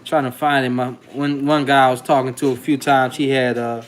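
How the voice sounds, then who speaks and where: A man's voice: medium pitch, level tone, a little fast. A man hosting his dog-breeding channel, talking in loose, slangy, rambling commentary. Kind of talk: casual vlog commentary.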